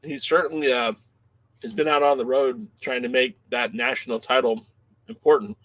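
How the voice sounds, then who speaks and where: A man's voice: mid-range voice, moderate pace, no echo. Podcast guy chatting away, gets worked up and laughs a lot, voice dead dry, no room at all. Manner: animated, reads chat comments, laughs easily. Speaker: podcast co-host. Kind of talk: casual chat.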